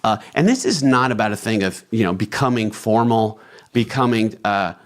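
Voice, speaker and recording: A man with a low voice talks through marriage advice on a podcast. He is earnest and exhorting, and sounds a little like a preacher counseling his listeners. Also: lively intonation, moderate pace. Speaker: podcast co-host. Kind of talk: conversational podcast discussion.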